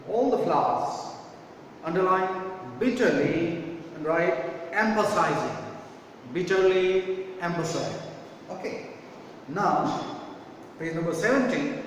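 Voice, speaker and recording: A male teacher correcting grammar homework, slowly reading sentences aloud and spelling words letter by letter. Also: high-pitched, animated, slight background noise. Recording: echoey room from far off.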